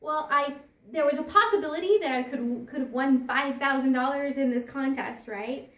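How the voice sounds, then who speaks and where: A woman's voice: sits high, normal speed, fairly bright tone, roomy sound. A woman giving a personal storytelling talk as a parent, earnest, often restarting and repeating her phrases.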